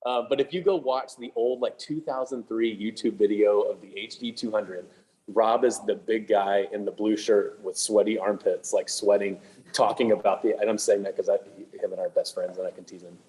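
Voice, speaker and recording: A man leading a clinic for music teachers, talking in a quick, chatty, joking way with lots of fillers and restarts. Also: lowish voice, fairly even intonation, warm tone, rough recording. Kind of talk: casual clinic presentation. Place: room with attendees present, also on video call.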